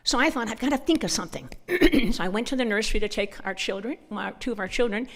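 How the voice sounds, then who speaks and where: A woman's voice: on the high side, fast talker. Middle-aged lady telling church stories, does all the voices, echoey hall. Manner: animated storyteller acting out dialogue. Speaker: conference speaker. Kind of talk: humorous church talk. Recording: long hall reverb.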